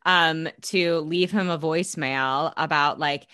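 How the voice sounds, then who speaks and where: A woman's voice: deep voice, unhurried, bright, forceful tone, smooth, no echo, clean studio sound. A young woman co-hosting a podcast, chatting casually and animatedly, swearing and laughing as she recaps an episode. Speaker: podcast co-host.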